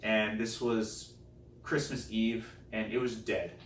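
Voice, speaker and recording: A man, a comedian guest, telling a personal story in an animated, self-deprecating way. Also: fairly low pitch, takes it slowly. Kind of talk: comic storytelling. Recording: roomy, distant mic, faint noise.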